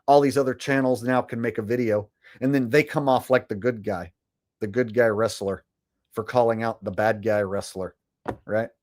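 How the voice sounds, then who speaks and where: A man's voice: mid-range voice, steady tone, moderate pace, a little mellow. A man hosting a casual livestream, rambling and swearing as he comments and reads chat. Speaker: livestream host.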